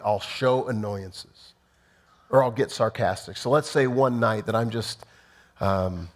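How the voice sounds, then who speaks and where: A middle-aged man, a pastor, giving an earnest, plainspoken teaching sermon and acting out sample apologies. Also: mid-range voice.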